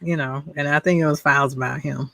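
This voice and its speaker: A woman's voice: sits low, steady tone, quick pace, gravelly, fairly bright tone, no room sound. A woman co-hosting a podcast, chatting casually about a show, laughing often and acting out quotes from it. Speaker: podcast co-host. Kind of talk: casual review chat.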